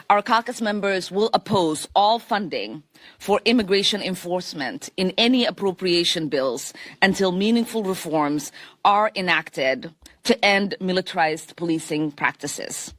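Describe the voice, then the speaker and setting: A woman politician with a Somali accent, reading a formal prepared statement in a measured, deliberate way. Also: on the low side, fairly bright tone, no room sound.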